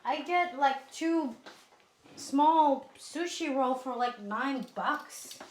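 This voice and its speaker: High, bubbly woman in an echoey kitchen. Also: expressive, slight background noise. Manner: bubbly, upbeat, quick to laugh. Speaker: co-host of a cooking stream. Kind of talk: casual chat while cooking. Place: small home kitchen.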